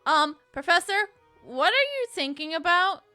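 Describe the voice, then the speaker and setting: A woman voicing an eager young boy apprentice from a game, asking excited questions. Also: very high voice, normal speed, faint music behind, voice pushed up, exaggerated voice.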